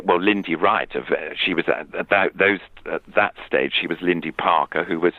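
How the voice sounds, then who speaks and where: Older man in his 70s, very deep gravelly voice, halting storyteller, tinny phone-line sound. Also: no echo. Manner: halting, warm storytelling with many restarts. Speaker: interview guest, puppeteer. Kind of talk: reminiscing interview talk.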